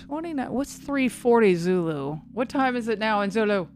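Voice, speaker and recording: A woman with a somewhat high, expressive, slightly mellow voice talks at a normal speed while hosting a severe-weather livestream. She chats casually, rambles, and pokes fun at herself while answering the chat, with a faint looping song playing softly in the background.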